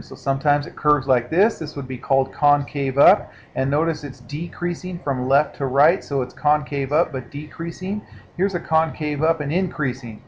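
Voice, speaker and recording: A male math teacher walks through a lesson in a relaxed, conversational manner, pausing to check that students are following. His voice sits a bit high for a man. The recording is dull and lo-fi with a faint hiss underneath. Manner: casual, explanatory, checks in with listeners. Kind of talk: recorded classroom lecture.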